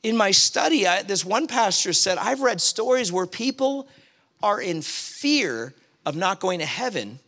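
A man's voice: high voice, pushed and bright. A man preaching a sermon in a conversational way, telling a story from his own life and acting out his anger.

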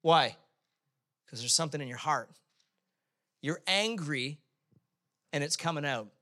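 A man preaches with a high, bright voice that carries easily. His sermon is conversational and joking, and he slips into quick acted voices to make his points. He sounds like a pastor talking plainly to a congregation. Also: lively intonation.

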